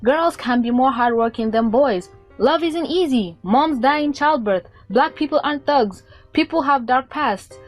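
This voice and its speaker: A woman giving sarcastic, casual commentary for her video, swearing freely. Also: sits high. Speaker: YouTube commentator.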